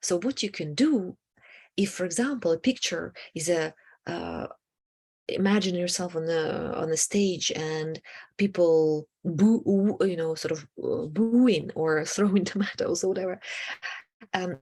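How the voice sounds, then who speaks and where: A woman coaching a self-help lesson on emotions, halting with many fillers and slipping into whispered asides. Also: on the low side, a little mellow, slightly rough.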